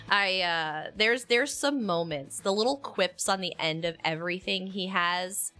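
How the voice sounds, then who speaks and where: A young adult woman chatting casually on a stream, telling animated stories and laughing often. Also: mid-range voice. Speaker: streamer co-host. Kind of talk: casual chat.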